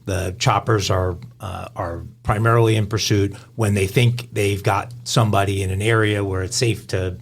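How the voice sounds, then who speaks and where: A man's voice: on the low side, fairly even intonation, normal speed, vocal fry, few pauses, slight background noise. A man co-hosting a crime podcast, talking in a rambling, casual way. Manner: rambling, many fillers and restarts. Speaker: podcast co-host. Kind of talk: casual chat.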